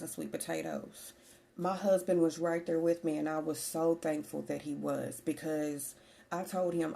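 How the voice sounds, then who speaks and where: Low, gravelly-voiced woman chatting candidly. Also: dark tone. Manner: candid, chatty, repeats herself. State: slightly out of breath. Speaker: vlogger. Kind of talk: casual personal vlog.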